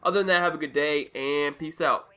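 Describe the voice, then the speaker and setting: A man's voice: a little high, fairly quick, background noise. A young man casually telling a story from school to his viewers, swearing often and acting out what people said. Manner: animated, profane, acts out quotes.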